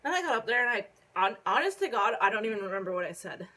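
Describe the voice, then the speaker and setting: A young woman from Canada telling a casual story on her phone vlog, rambling with lots of fillers and casual swearing while she hiccups and keeps clearing her throat. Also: fairly high pitch, very animated, fast, pushed and bright, low-quality recording. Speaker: vlogger.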